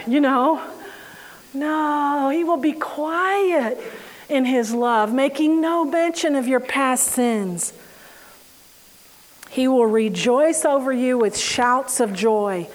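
A woman giving a conversational sermon, animated and quick to laugh as she tells stories, slowing down to read scripture. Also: sits high, rough recording. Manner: animated, laughing storyteller who reads scripture slowly. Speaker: Bible teacher.

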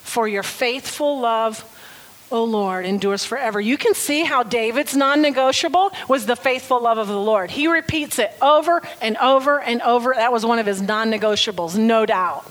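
A woman's voice: fairly high pitch, normal speed, poor audio. A woman preaching a sermon in an earnest, emphatic way, leaning on key phrases.

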